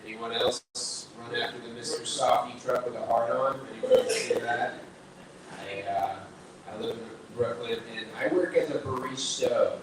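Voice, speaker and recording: A man's voice: medium pitch, steady tone, moderate pace, a crowd in the background. A young man doing a stand-up set in a small bar, telling loose, rambling stories with lots of swearing and restarts. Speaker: stand-up comedian. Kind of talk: stand-up set at an open mic. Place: small bar comedy room. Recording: echoey room, distant mic, noisy.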